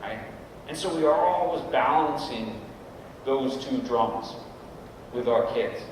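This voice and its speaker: This middle-aged guest speaker talks slowly at medium pitch to a group of coaches, with a little hiss or hum in the audio. His informal, conversational talk often includes "right?" to check in with listeners, and the large, echoey room is recorded from far off by a camera.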